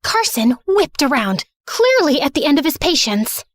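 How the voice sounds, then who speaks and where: Young woman telling her story, high bouncy voice, sassy and sarcastic. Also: very animated, normal speed, no room sound, clean studio sound. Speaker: narrator and heroine. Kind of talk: first-person animated story narration.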